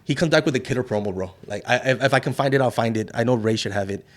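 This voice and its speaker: A middle-aged wrestler from South Texas sits in as a guest, telling loose stories at a quick pace in a casual interview. He swears freely, animatedly takes on the voices of the people he quotes, and otherwise speaks at a medium pitch.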